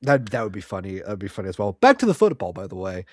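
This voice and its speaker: A man co-hosting a football podcast in casual chat, rambling and animated with frequent restarts and fillers. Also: on the low side, racing, dry recording. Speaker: podcast co-host.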